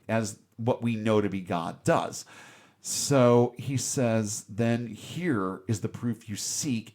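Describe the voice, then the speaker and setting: A man co-hosting a podcast, retelling a film scene in a wry, sarcastic way with mocking asides. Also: lowish voice. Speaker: podcast co-host. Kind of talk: casual film review chat.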